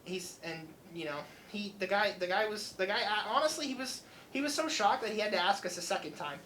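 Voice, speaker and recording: A young man with a high-sitting voice hosts student radio at a brisk pace, animatedly retelling a story and acting out customer dialogue as casual storytelling. The low-quality recording carries a little hiss or hum.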